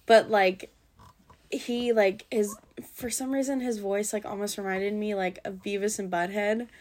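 A woman's voice: mid-range voice, steady tone, measured pace, a little mellow, a little hiss or hum. A young woman from the US Pacific Northwest telling a podcast host about a bad date in a rambling, casual way, full of fillers and swearing. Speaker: podcast guest. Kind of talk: casual storytelling chat.

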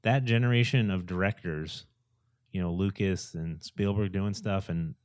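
A man's voice: low-pitched, moderate pace, a little mellow, dry recording, studio quality. A man co-hosting a casual chat, rambling with enthusiasm and acting out film quotes. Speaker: podcast co-host.

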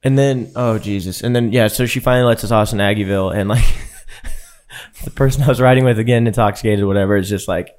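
Profane, animated male podcast storyteller. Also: lowish voice, brisk. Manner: profane, animated, laughs often. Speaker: podcast co-host. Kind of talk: casual storytelling chat.

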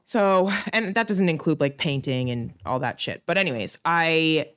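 A woman in her late twenties co-hosting a podcast, telling stories in an animated way with frequent laughter and casual swearing. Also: low-pitched, normal speed, smooth. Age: late 20s. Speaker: podcast co-host. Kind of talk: casual chat.

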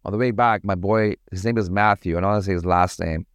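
A man from Toronto, a podcast guest telling stories in a casual, animated, slangy way. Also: low-pitched, fast, clean tone, dry recording. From Toronto, Canada. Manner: animated, slangy, acts out voices in his anecdotes. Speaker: podcast guest, party promoter. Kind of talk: casual storytelling.

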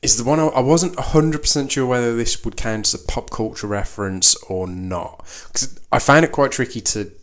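A man's voice: mid-range voice, normal speed, hardly any pauses. A man co-hosting a casual podcast chat, thoughtful with a dry humour, often repeating words while he thinks. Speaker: podcast co-host.

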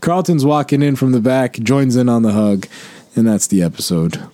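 Dark-voiced man recapping a sitcom. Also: mid-range voice, normal speed, no echo. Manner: relaxed, recaps plot then reads trivia. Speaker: podcast co-host. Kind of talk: casual chat, recapping a sitcom episode.

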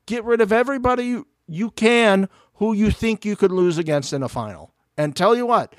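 A man co-hosting a casual reality TV recap podcast, animated and profane, acting out the show's people in quoted voices. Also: high voice, moderate pace, no room sound, studio quality. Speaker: podcast co-host.

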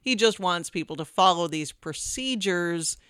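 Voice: medium pitch, expressive, a little slow, a bit bright, clean tone, no echo. A podcast host who introduces news stories and adds dry asides in a casual chat.

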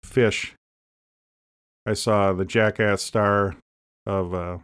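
A man co-hosting a casual comedy podcast, rambling through deadpan jokes and asides. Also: fairly low pitch, very slow, clear, resonant tone. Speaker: podcast co-host.

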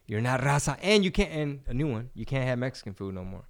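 A man's voice: mid-range voice, sing-song, fairly quick. A young man co-hosting a podcast in casual, profane chat, often slipping into mocking impressions. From Texas. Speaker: podcast co-host.

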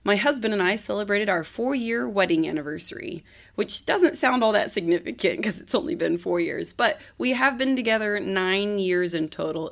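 A woman in her thirties hosting a podcast, hoarse and scratchy-throated from a cold, chatting casually and laughing often as she tells stories. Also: on the low side. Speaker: podcast host.

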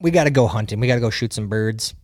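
A man's voice: on the low side, animated, fast talker, darkish tone, no echo, clean studio sound. A young man hosting a podcast, casually telling a funny story and laughing often. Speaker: podcast host.

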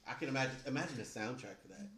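A man co-hosting a podcast, rambling and joking with friends over drinks. He talks fast in a lively, swinging voice. Several people talk over one another around him. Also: mid-range voice, roomy sound, a loud crowd. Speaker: podcast co-host. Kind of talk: casual chat.

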